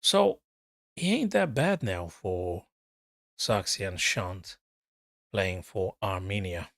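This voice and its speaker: A man with a fairly low voice gives casual live chess commentary as a coach. He is chatty, thinks aloud and talks straight to his viewers. The sound is dry and close. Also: lively intonation, takes it slowly, a bit bright, no echo.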